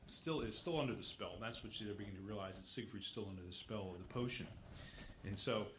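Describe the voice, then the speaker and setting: A man's voice: lowish voice, fast. A man giving a casual lecture that retells an opera plot. He rambles and corrects himself, with lots of fillers. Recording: echoey room, faint background hiss.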